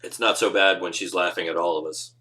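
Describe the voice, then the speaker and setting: A man's voice: deep voice, steady tone, a little fast, bright, forceful tone. A man who runs tabletop games, giving casual, earnest advice on a live show with encouraging, rambling talk. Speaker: game master, podcast host.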